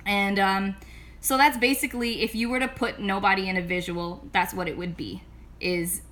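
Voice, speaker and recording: Bright-voiced young woman opening up candidly. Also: medium pitch, steady tone, normal speed. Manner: candid and chatty, lots of "like" fillers. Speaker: singer-songwriter. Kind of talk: casual confessional vlog talk.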